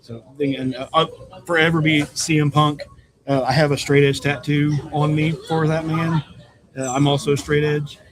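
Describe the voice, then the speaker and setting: A man's voice: a little high, level tone, normal speed, rough recording. A man chatting casually and enthusiastically about wrestling, rambling a little as he talks. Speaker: wrestling fan guest. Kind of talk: casual chat. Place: busy pizzeria. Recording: crowd chatter behind.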